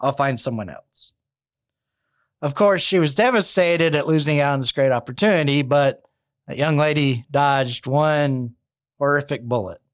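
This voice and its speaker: A man with a slightly high voice narrates a true crime story at a moderate pace. He's conversational and chatty, using many fillers and asides.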